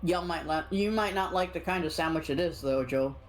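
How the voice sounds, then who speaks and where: A woman playing in a tabletop game over a voice call, relaxed and joking while she plans her turn. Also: sits low, fairly quick. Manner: relaxed, joking, thinks aloud with fillers. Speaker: player.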